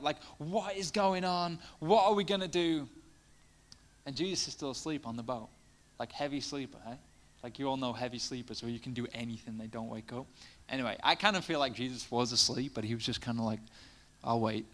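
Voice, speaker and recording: A man's voice: mid-range voice, fast, pushed and bright. Male preacher, casual and chatty in his sermon, swelling into fervent emphasis. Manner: conversational, many fillers, rising to passionate emphasis.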